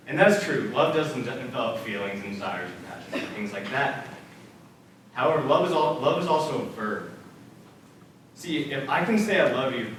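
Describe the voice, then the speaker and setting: Medium-pitched and fairly bright, a young adult student speaker tells personal faith stories to students in a casual, earnest way, leaning on "like" and "um." The setting is a church center's multipurpose room, recorded from a distance with heavy echo and slight background noise.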